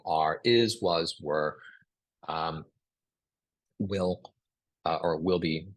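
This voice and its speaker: A man teaching a live online writing class, acting out example sentences aloud in an animated way. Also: sits low, husky, no echo. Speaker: writing instructor.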